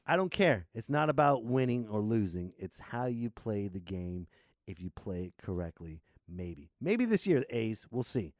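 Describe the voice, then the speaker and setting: A man hosting a podcast in a sarcastic, rambling comic rant that swings from low mutters to loud outbursts. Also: lively intonation, moderate pace, no room sound, clean studio sound. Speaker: podcast host.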